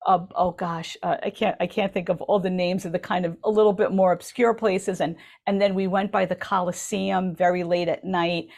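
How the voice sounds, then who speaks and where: A woman's voice: fairly low pitch, little pitch movement, moderate pace, gravelly, few pauses, darkish tone. A woman co-hosting a radio talk show, telling a story in an enthusiastic, chatty way full of ums. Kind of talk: casual chat. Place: radio studio.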